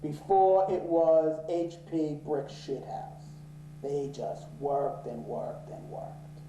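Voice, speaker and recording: A man telling a story in an interview, swearing freely and getting worked up and loud when angry. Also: a little high, animated, takes it slowly, background noise. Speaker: interviewee, office owner. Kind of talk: profane, animated storytelling in an interview. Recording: roomy echo.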